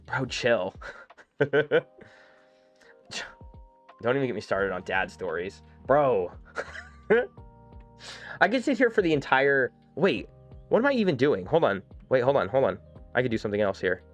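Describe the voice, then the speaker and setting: A man's voice: mid-range voice, expressive, faint music behind. Rambling male game streamer. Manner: rambling storyteller, quick asides. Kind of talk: casual live-stream chat.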